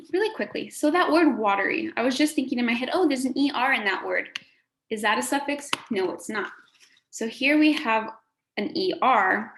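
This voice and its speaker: A woman's voice: fairly high pitch, a bit bright. A woman teacher giving a recorded phonics lesson to a class, encouraging and sing-song, drawing out words for the children to repeat. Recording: echoey room, faint background noise.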